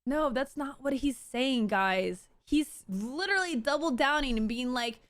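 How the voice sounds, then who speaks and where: A woman's voice: sits high, dry recording, clean studio sound. A woman streamer in casual livestream commentary, reading tweets aloud and picking them apart while talking to her chat. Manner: talks to chat, quick and animated.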